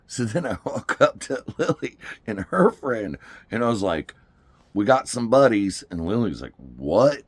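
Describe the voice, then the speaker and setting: Animated deep-voiced man. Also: a little slow, husky, dry recording. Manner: animated, laughing often, acts out quotes. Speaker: father telling a story. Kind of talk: casual storytelling.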